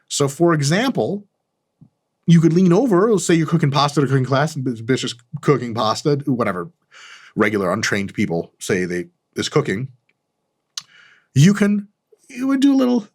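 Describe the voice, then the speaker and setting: A man hosts a comedic advice monologue with a husky voice. He swaggers through it, mock-arrogant and full of profanity. His pitch swings in lively, animated leaps. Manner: lively, animated delivery with big pitch jumps. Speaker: channel host.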